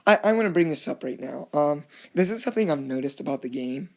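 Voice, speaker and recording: A gameplay commentator casually narrates his strategy game match, rambling, restarting often, and acting out chats with other players. His voice is on the high side, animated, fast, and creaky.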